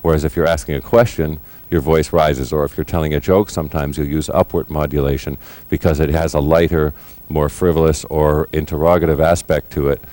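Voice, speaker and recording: Very deep-voiced man explaining drumming. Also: fairly even intonation, mellow. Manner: measured, thoughtful, explains slowly with fillers. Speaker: drummer giving a lesson. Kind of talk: instructional explanation. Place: recording studio.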